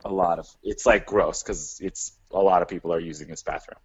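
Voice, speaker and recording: A man co-hosting a podcast, chatting in a relaxed way and setting up a hypothetical question. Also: sits low, brisk, husky. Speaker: podcast co-host. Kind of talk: casual chat. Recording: dull, dry lo-fi sound.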